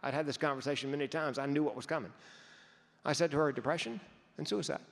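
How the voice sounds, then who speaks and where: A man with a fairly high voice gives a keynote talk, telling stories in a conversational way with a comic's timing. He sometimes repeats words as he goes. A long reverb from the conference hall trails behind his words. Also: quick pace, gravelly. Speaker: keynote speaker. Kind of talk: storytelling keynote speech.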